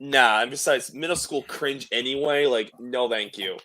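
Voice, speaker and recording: A man from Canada talks over a late-night stream in loose, profane, rambling bursts, often restarting his sentences. His voice has a bright, forward edge. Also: mid-range voice, normal speed. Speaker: stream co-host. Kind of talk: crude casual chat.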